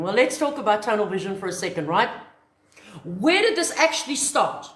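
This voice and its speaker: Woman coach, motivational talk, very expressive delivery, echoey room. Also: medium pitch, moderate pace. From South Africa. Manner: animated, acts out little scenes. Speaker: online business coach.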